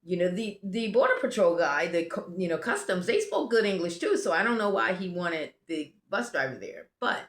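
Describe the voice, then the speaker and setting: A lowish, sing-song voice moves at a moderate pace with few pauses as this American woman recounts a travel story. A travel vlogger, she rambles casually and often restarts mid-sentence, recorded with a roomy echo.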